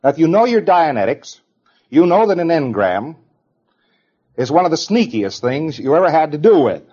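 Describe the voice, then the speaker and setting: A man's voice: on the high side, sing-song, normal speed, dark tone, breathy edge, highs cut off. A man giving an informal lecture in a conversational, digressive way, now and then acting out example voices.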